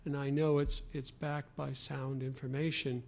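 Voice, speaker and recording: Man from a local transit agency at a press podium, gravelly, even-toned, hesitant. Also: mid-range voice. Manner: halting, many fillers and restarts. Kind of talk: press conference remarks. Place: press club event room.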